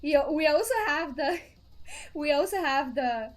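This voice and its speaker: A woman's voice: high voice, sing-song, a little slow. A woman streamer chatting on a live game stream, giggling often and effusively thanking her viewers. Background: faint game music.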